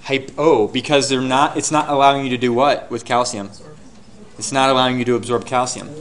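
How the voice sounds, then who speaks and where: A man teaching a class, lecturing and quizzing his students with rapid questions and answering them himself. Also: medium pitch, steady tone.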